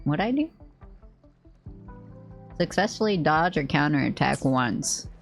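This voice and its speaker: A young woman streaming a game, chatting playfully with friends and chat, rambling and swearing with sudden high yelps. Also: lively intonation, measured pace, creaky, soft background music. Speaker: VTuber streamer. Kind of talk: casual gaming stream chat.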